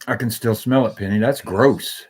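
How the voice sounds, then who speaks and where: A man's voice: on the low side, normal speed, darkish tone, husky. A man hosting a solo talk show, rambling and jumping between stories, swearing freely.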